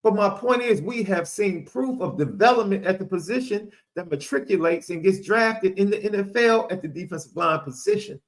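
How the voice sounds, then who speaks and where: Podcast co-host, male, high and lively voice, hammers points home with repetition. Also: moderate pace, few pauses. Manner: emphatic, repeats phrases for effect, pleading and preachy. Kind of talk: animated sports talk.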